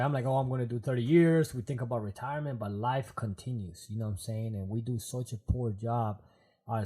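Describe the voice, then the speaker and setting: A man with a mellow, dark-toned voice at a middle pitch talks as a Marine guest on a podcast. His delivery is earnest and reflective, dotted with "man". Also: slightly rough. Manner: earnest, reflective, says "man" and "you know what I'm saying". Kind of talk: casual interview talk.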